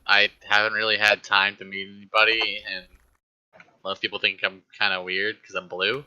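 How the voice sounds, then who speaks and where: A man's voice: lowish voice, flat delivery, normal speed, sharp tone, clean tone, no room sound. A man voicing a shy young woman made of blue water, speaking hesitantly. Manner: hesitant, unsure.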